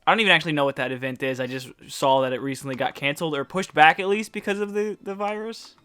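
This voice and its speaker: A young man with a bright, slightly high voice co-hosts a gaming podcast. He rambles through casual chat and laughs often. Faint music sits behind him. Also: quick pace, clear, resonant tone. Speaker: podcast co-host.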